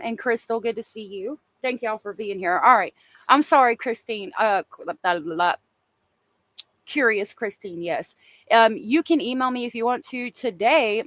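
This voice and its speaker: A woman's voice: mid-range voice, fairly bright tone, dry recording. A woman hosting a true crime livestream, talking casually and emotionally and answering viewers in the chat.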